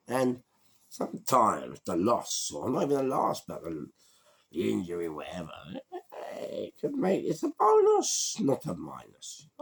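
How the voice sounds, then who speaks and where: A man in his sixties with a London accent, telling a street story in a slangy, animated way. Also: on the low side. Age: 60s. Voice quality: gravelly. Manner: animated, slangy, acts out voices. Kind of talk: storytelling monologue.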